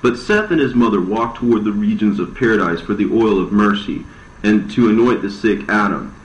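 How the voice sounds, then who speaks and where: Low-voiced man reading scripture-like text. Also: a little fast. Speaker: reader. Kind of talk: scripted narration. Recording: roomy dull lo-fi recording.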